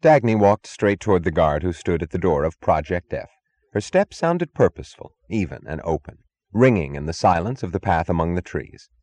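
A man narrating an audiobook in a measured, dramatic reading. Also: low-pitched, big pitch swings, a little mellow, no room sound. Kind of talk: scripted narration.

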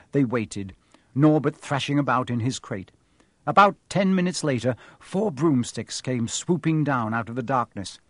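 A man narrates a storybook in a measured, expressive way. His pitch sits in the middle range, and the recording is dry and close with no room around it. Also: dry recording. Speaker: audiobook narrator.

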